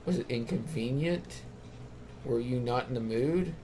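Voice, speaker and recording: A let's play gamer reads a story game's character dialogue aloud, then decides which line to pick. He speaks at a measured pace in a dark, medium-pitched voice over slight background noise.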